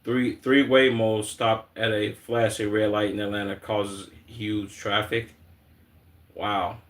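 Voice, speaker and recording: A man's voice: lowish voice, flat delivery, slow. A man with a Chicago accent streaming and reacting to clips in blunt, slangy, heavily profane casual talk.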